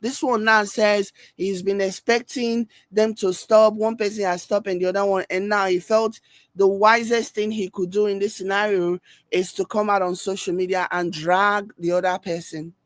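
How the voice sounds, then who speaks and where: A woman's voice: mid-range voice, fairly even intonation, moderate pace, dry recording. A woman with a Nigerian accent hosting a reaction video, commenting in an emphatic, scolding way with pidgin asides.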